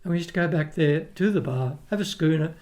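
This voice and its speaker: Guesting on a relaxed podcast chat, an older Australian man who used to be an opera tenor rambles through anecdotes with frequent restarts in his Australian accent. He talks fast in a fairly high-pitched voice with a darkish tone.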